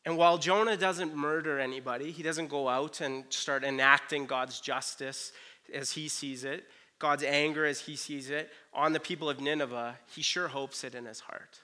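A man preaching a conversational sermon. He retells a Bible story and acts out the characters' lines in quick asides. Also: fairly high pitch, fairly even intonation, pushed and bright. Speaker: pastor.

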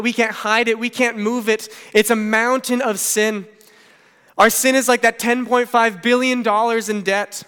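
Bright-voiced man preaching a sermon. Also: sits high, clean tone, big-room sound. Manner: earnest preaching with frequent "okay" asides and paraphrased storytelling. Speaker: pastor.

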